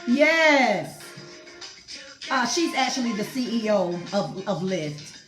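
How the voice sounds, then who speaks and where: High-voiced woman greeting viewers. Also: big pitch swings, slow, reverberant, loud music behind the voice. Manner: warm, effusive, repetitive greetings to viewers. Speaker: host of a women's fellowship livestream. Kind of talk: casual live-stream welcome.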